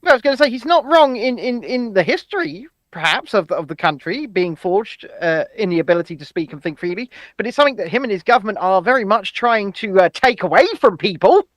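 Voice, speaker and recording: Brief: male co-host, high-pitched, playful, swears, dry close sound. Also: fast talker, hardly any pauses, no echo. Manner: jokey, animated, swears. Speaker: podcast co-host. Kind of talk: casual chat.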